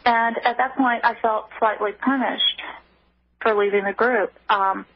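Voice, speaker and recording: A woman guest on a radio call-in show, giving emotional personal testimony with halting restarts, heard over a phone line. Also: on the high side, fairly even intonation, dry recording.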